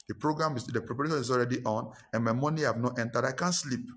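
A man's voice: rapid-fire, few pauses, fairly bright tone. Emphatic Ghanaian preacher man. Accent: Ghanaian English. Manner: emphatic, repetitive preaching that rises in pitch and force. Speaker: pastor. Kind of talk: sermon.

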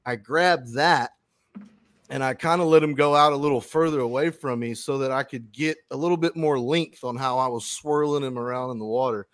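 A man hosts a fishing podcast and tells a long story in loose, casual chat. He rambles, restarts, and swears freely. His voice sits at a medium pitch, recorded dry and close. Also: fairly quick, a bit bright, dry recording. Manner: rambling, profane, with frequent restarts.

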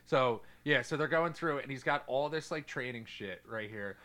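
A man's voice: mid-range voice, normal speed, pushed and bright. A man co-hosting a podcast, chatting loosely about a movie, joking and swearing freely. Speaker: podcast co-host. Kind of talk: casual movie commentary chat.

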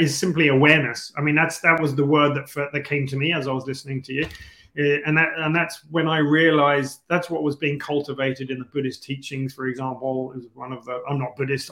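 A man's voice: fairly high pitch, fairly bright tone. Earnest man from the UK, echoey. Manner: earnest, searching, restarts phrases. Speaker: guest, entrepreneur. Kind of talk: reflective interview talk.

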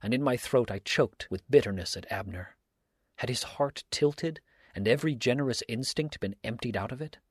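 A man narrating a first-person story aloud in a steady, earnest reading style. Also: mid-range voice, moderate pace, breathy edge, no room sound, studio quality. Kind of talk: audiobook reading.

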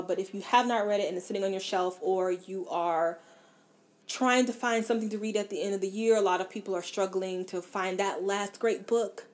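A young woman vlogging about books in a casual, candid and blunt way, with animated, self-deprecating asides. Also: mid-range voice. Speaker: book vlogger. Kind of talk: casual book review chat.

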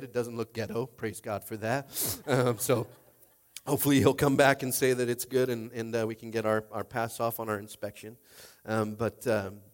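A middle-aged man pastor preaches in a loose, conversational sermon style. He is tearful and emotional, rambling with frequent fillers. His voice sits at an ordinary pitch.

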